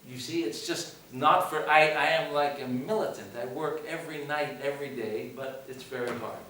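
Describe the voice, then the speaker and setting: A man's voice: a little high, moderate pace, bright, forceful tone. A man from the United States, a film director speaking at a screening Q&A, talking emphatically with repeated phrases and rhetorical questions. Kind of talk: post-screening Q&A talk. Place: cinema hall. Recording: echoey hall, voice from far off, faint noise.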